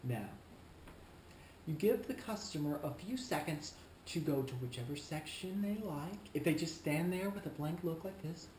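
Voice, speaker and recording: Comedic smug shoe clerk, played by a man, drawling slowly and talking down to everyone. Recorded with room echo. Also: fairly high pitch, darkish tone, slight background noise. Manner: slow, deliberate, condescending, smug. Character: smug, self-important male shoe store clerk. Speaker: shoe store employee character. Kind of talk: comedic vlog monologue. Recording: roomy echo, faint ambience.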